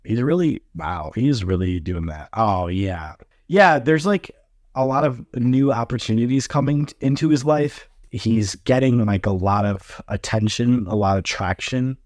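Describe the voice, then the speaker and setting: A man doing a casual spiritual card reading, speaking gently and reassuringly, with frequent pauses and fillers. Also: mid-range voice, dry recording, clean studio sound. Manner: gentle, halting, filler-heavy reassuring talk. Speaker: tarot card reader.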